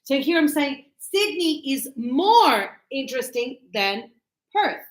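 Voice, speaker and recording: Female teacher, slow and patient, higher voice, echoey classroom sound. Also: sing-song. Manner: patient, repeats examples, checks in with "okay?". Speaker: English teacher.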